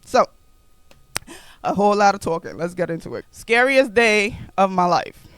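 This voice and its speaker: A young adult woman hosting a podcast, telling a personal story with animated emphasis and repeated phrases. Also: medium pitch, normal speed, clean tone. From New York. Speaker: podcast host.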